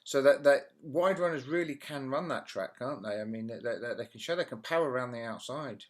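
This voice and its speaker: A man's voice: medium pitch, a little fast. A man interviewing a trainer in casual conversation, asking leading questions with tag endings.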